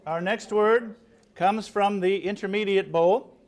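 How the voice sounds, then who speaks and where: A man with a high-pitched voice calls words for a live spelling contest, reading and spelling them a little slowly. He's animated and playful, joking around with the contestants.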